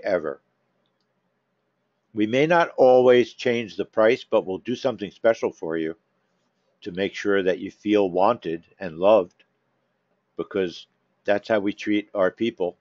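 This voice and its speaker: A man's voice: lowish voice, measured pace, darkish tone, dry recording. A man hosting a live trading room, talking casually to members by name, coaxing and teasing them. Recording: dull, dry lo-fi stream audio.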